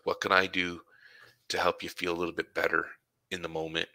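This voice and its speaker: A man's voice: deep voice, little pitch movement, brisk, bright, forceful tone, rough recording. A man who works as a supply teacher, chatting casually and acting out conversations with his students as he tells stories. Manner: storytelling, acts out dialogue with students.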